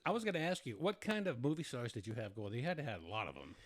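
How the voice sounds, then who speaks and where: A man hosting a talk show, chatting casually with a guest and telling lively personal anecdotes. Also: mid-range voice, fast. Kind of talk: casual interview chat.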